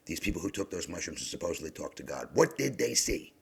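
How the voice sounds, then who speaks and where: Low, gravelly man telling a story. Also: sing-song. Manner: rambling, halting, drops into hushed whispers. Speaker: podcast host. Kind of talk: personal storytelling monologue.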